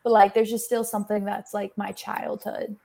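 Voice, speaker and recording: A woman's voice: medium pitch, level tone, normal speed, vocal fry, warm tone. A young woman from Texas, a singer-songwriter guest, chatting casually over a remote feed and filling her talk with "like". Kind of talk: casual interview chat. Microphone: remote call feed.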